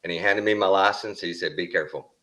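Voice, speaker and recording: A middle-aged man with a Texan accent telling a story in a casual, animated drawl, swearing freely. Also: deep voice, fast. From Texas.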